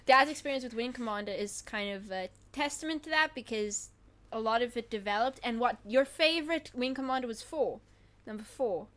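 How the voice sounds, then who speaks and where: A woman's voice: fairly high pitch, a little fast. A woman co-hosting a livestream, chatting casually and reading viewer comments, with lots of fillers. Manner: giggly, animated, thinks aloud with fillers. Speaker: livestream co-host.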